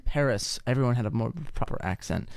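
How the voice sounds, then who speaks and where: A man's voice: medium pitch, vocal fry, smooth. A man around twenty, a guest singer and actor, chatting casually in an interview with frequent restarts and fillers. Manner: relaxed, halting with restarts and fillers.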